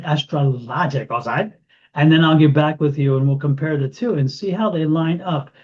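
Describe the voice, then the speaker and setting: A man giving an intuitive tarot reading to camera, animated and repeating phrases for emphasis. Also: a little high, breathy edge. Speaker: tarot reader. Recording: dull lo-fi sound.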